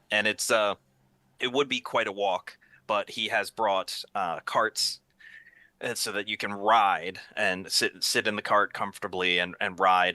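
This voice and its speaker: Man, game master, lower pitch, very bright tone, dry close sound, halting delivery. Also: no room sound. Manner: hesitant, repeats words. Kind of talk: narrating a tabletop game.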